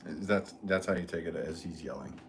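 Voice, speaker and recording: A man's voice: low voice, moderate pace, heavy background noise. A man hosting a pottery live stream, chatting casually and reading viewer comments in an easygoing, rambling way that often trails off into a chuckle.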